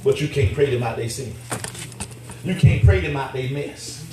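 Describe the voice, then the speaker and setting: A man preaching a sermon as pastor, animated and laughing as he acts out his talks with God. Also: medium pitch, normal speed, far from the mic, noisy background. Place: church. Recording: echoey church from afar.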